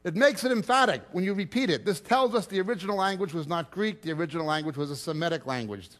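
A man's voice: high voice, lively intonation, fast, a bit bright. A man giving an expository Bible teaching, reading scripture aloud and explaining it with emphatic stress that rises and drops sharply.

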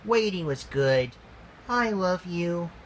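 A man voicing a sweet, cheerful young girl in a homemade storybook reading, with a high, bubbly, coaxing voice. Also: animated, slow pace, a little hiss or hum. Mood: cheery.

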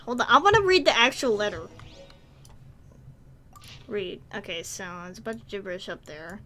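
A woman's voice: mid-range voice, very animated, normal speed, pauses often, pushed and bright. A woman hosting a game playthrough, chatting and giggling as she reacts aloud. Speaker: gaming channel host. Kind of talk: casual let's-play commentary.

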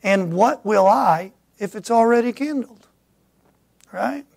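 Middle-aged pastor guy from michigan, high gravelly voice, preaching loud then dropping quiet. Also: expressive, slow. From Michigan, USA. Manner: preaching with sudden loud rises and quiet asides. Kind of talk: sermon.

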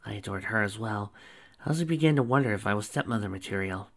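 A man voicing a nonchalant, whimsical mature woman who is a school principal, in a relaxed conversational reading. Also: lowish voice, fast. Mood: reminiscing.

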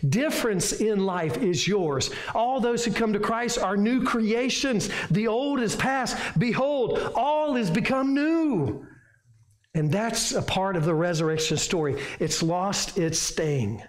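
A man with a Southern American accent preaches in a fairly high voice, stacking short emphatic lines in a folksy pulpit manner. The sound carries the echo of a church sanctuary around him. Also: animated, slow. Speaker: pastor. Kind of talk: sermon. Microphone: room microphone. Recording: echoey church room.

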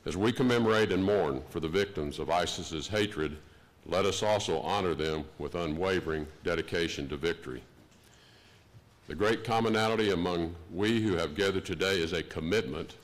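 Deep-voiced older man, formal address. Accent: Texan. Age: 60s. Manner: measured, deliberate delivery. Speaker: diplomat giving an opening address. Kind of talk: formal prepared speech. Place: conference hall.

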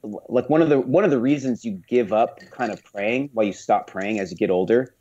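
A man on a podcast as a guest, telling animated stories in casual conversation, with many restarts. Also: medium pitch, normal speed, dull audio.

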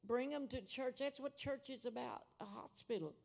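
An older woman preaching a fervent testimony sermon, calling her listeners sweetheart and babies and dropping at times to a hush. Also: high voice, normal speed, gravelly. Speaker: guest preacher.

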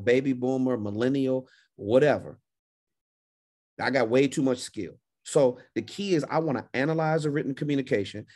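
A man's voice: mid-range voice, a little mellow. A man coaching a caller on a livestream Q&A, confident and emphatic, often repeating phrases. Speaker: speaking business coach.

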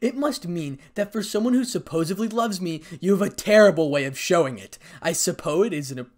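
A man's voice: sits high, lively intonation, a little fast. A man voicing a bitter young man who speaks harshly and with scorn, in a fan fiction reading. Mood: cold, scornful.

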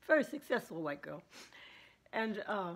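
A woman in her seventies with a husky voice, chatting and laughing as she tells stories to her vlog viewers. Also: medium pitch. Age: 70s. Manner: chatty, laughs often while telling. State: throat trouble. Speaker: vlogger. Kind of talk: casual storytelling chat.

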